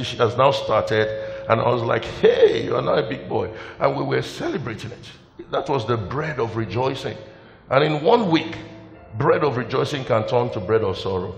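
A man's voice: mid-range voice, gravelly. A male pastor, preaching a sermon in an emotional, exclamatory way. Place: church hall. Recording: long hall reverb, faint music.

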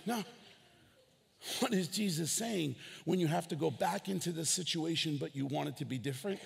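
Animated pastor with a husky, gravelly voice. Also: male voice, a little high, normal speed, long reverb tail. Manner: animated preaching with shouted peaks and acted dialogue. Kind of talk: sermon. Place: church hall.

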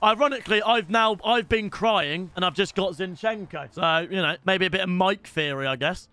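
A young British man streaming a football game, chatting with viewers and swearing in loud outbursts. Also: high-pitched, moderate pace, clean tone, faint music behind. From Britain. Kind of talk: casual game stream chat.

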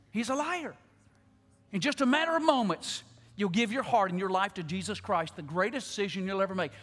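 Pleading with a large church during an altar call, this high-sitting male voice repeats words and shifts between loud appeals and hushed moments. Long reverb from the church hall colors the recording.

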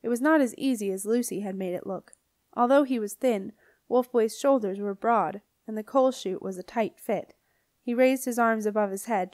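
A woman's voice: medium pitch, darkish tone, no room sound. Woman reading a storybook, dry close voice. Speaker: audiobook reader. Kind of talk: scripted narration.

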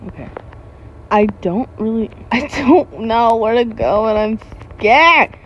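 A woman YouTuber talks through a game in casual commentary, her slightly high voice swinging widely in pitch. She is jumpy and giggly, breaking into startled exclamations, and her pace stays slow and drawn out. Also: lively intonation, dull audio, a little hiss or hum.

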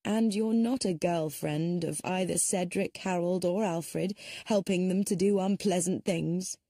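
A woman voicing a tired, shrewd male country doctor, speaking low and measured. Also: dark tone, no room sound, studio quality.

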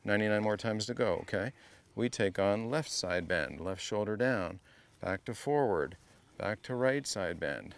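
A man's voice: lowish voice, animated, unhurried, clear, resonant tone. A man coaching a student through a golf lesson, playful and teasing, repeating short drill cues over and over. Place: golf academy practice area.

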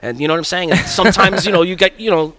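A man casually telling a profane, animated story to friends, from Connecticut, acting out the voices of other people. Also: high voice, very fast, dry recording. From Connecticut, United States. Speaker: guest poker player. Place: poker tournament venue.

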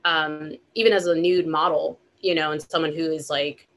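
Low, flat-voiced woman on a panel. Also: normal speed. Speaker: nude model on a panel. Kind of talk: panel discussion.

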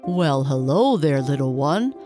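A big, gentle male dog from a bedtime storybook speaks slowly and kindly, as a woman puts him on. The voice sits low and unhurried. Soft music plays faintly behind. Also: sing-song.

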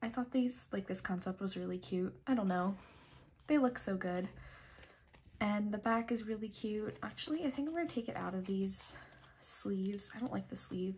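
A young woman with a nasal voice, chatting casually while unboxing her mail, excitable, gushing and swearing freely. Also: medium pitch, normal speed. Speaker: kpop photocard collector vlogger.

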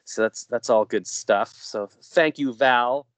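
A man's voice: mid-range voice, takes it slowly, no echo. A man hosting a podcast in casual chat, rambling and jokey, often trailing off mid-thought. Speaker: podcast host.

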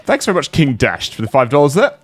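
A man's voice: medium pitch, wildly swooping pitch, quick pace, breathy edge. A man hosting a casual gaming stream, chatting with friends and thanking viewers, often breaking into laughter. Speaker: podcast and gaming channel host. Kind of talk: casual chat while gaming.

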